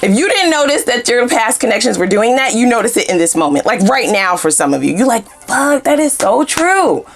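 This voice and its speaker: A woman gives a tarot reading in a blunt, casual and foul-mouthed way. Her voice is lively and swoops widely in pitch, and faint music sits behind her. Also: fast, few pauses. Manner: blunt, profane and animated. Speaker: tarot reader.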